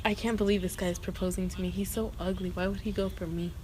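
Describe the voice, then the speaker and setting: A woman's voice: a little high, fairly quick, noisy background, close to an everyday voice. A woman voicing Praskovia as a scornful young woman who speaks in a dismissive, sarcastic way.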